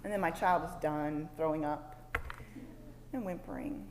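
A woman, speaking to a women's gathering and telling a personal sermon story in an expressive way that moves from hushed asides to loud exclaims. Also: low-pitched, measured pace. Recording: long hall reverb, faint background noise.

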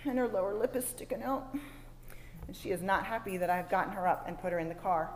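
A woman's voice: mid-range voice, fast talker. Woman telling a sermon story. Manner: expressive storyteller, from hushed asides to loud exclaims. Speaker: women's ministry speaker. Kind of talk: sermon-style personal story. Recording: long hall reverb, faint background noise.

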